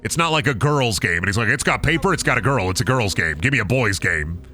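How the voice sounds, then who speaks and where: A man's voice: lowish voice, quick pace, faint music behind. A young man streaming a game, casually telling a long rambling anecdote with many fillers and curses. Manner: rambling, animated anecdote with lots of fillers and swearing.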